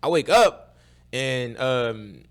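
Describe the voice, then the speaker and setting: Man with a lively, up-and-down voice. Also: very slow, clean tone. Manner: drops low and quiet, then rises sharply. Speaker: podcast co-host. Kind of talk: casual storytelling chat.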